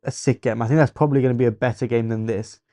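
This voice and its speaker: A man's voice: mid-range voice, steady tone, very fast, no room sound, studio quality. Chatty young Englishman streaming football. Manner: chatty, teasing, thinks out loud. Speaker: streamer hosting a football watchalong. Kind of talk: casual live-stream chat with viewers.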